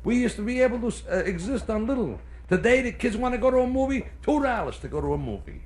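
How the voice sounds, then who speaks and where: A male stand-up comedian with a Brooklyn accent, telling jokes live on a club stage and slipping into quick character voices. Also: very high-pitched, animated, darkish tone. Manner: brash storyteller doing quick character voices. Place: hotel nightclub stage. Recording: live club recording with faint noise. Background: audience laughter.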